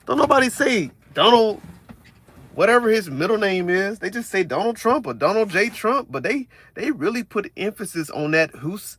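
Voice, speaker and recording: A man's voice: high voice, moderate pace, slight background noise. A man hosting a live show, chatting casually and repeating himself as he talks to his viewers. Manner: animated, repetitive, talks to viewers. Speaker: host.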